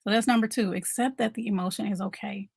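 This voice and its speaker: A woman's voice: medium pitch, steady tone, fast, creaky, darkish tone, breathy edge, no echo. Female mom coach, casual motivational talk to camera, repeats points, dry room sound. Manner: conversational, repeats key points, asks viewers questions.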